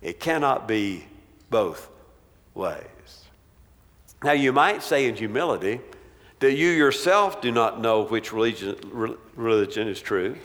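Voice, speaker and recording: A man preaching a sermon as pastor, emphatic, with dramatic pauses and a voice that drops low at the ends of phrases. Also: expressive, a bit bright. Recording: long reverb in a large hall.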